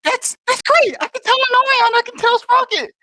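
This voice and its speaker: A breathless young woman adventurer, pitched high and frantic, as a woman plays her on a call. Her voice is bright and tense, close and dry, and it wobbles toward tears. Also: lively intonation, no room sound, exaggerated voice, rough recording. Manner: distraught, rapid, breaking into sobs.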